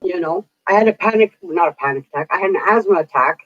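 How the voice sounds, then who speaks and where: A woman's voice: on the low side, fast talker, dry recording. A woman vlogger venting in casual chat, swearing freely as she rants. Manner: profane, venting rant. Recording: dull, dry lo-fi recording.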